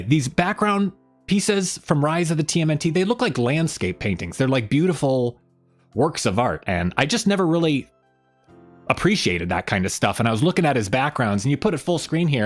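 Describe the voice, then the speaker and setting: A man hosting a weekly fan livestream in casual chat, energetic and rambling, with a hoarse voice he says he is losing. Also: medium pitch.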